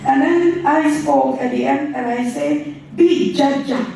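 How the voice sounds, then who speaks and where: A middle-aged woman from Suriname, giving an unhurried, conversational guest lecture as an ambassador and often checking in with her audience. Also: high voice, vocal fry, mellow, a little hiss or hum. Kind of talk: public lecture. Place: large university lecture hall. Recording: very echoey hall, faint room ambience.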